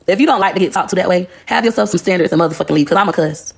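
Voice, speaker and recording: A woman's voice: lowish voice, very fast, creaky, slightly rough. A woman, ranting bluntly and profanely on a phone livestream. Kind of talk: casual rant on a livestream.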